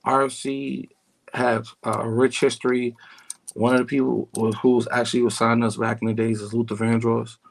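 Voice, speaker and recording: A middle-aged man with a New York accent, calm and smooth, talking as a guest on a casual radio show from his home. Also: medium pitch, moderate pace, poor audio. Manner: calm, smooth, laid-back. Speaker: guest singer and producer.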